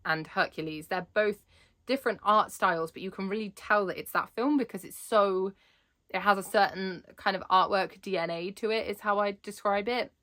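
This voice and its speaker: A woman's voice: mid-range voice, normal speed, sharp tone. A young adult woman chatting in a vlog, bubbly and rambling, laughing often as she talks. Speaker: Disney vlogger.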